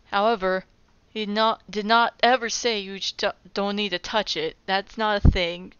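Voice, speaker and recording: A woman casually reading scripture aloud and cutting in with wry, exasperated comedic asides that jump into loud, disbelieving outbursts. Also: medium pitch, steady tone, measured pace, clear, resonant tone, no echo, muffled recording. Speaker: comedic Bible reader.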